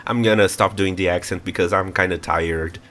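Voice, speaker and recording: A man's voice: sits low, steady tone, brisk, a bit bright. A young man with a stuffy nose giving casual let's play commentary, reading the game's text aloud with playful asides. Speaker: gamer reading in-game text. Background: faint game music.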